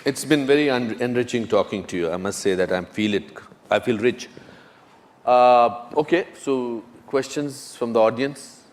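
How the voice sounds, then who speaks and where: A man interviewing onstage, asking questions in a lively, admiring way. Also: medium pitch, normal speed. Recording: hall with long reverb.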